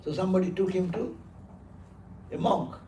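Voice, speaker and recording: A man's voice: high-pitched, moderate pace, mellow. A man giving a sermon as a monk, speaking emphatically, repeating words for stress and laughing as he tells stories. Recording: roomy hall, distant mic, faint noise.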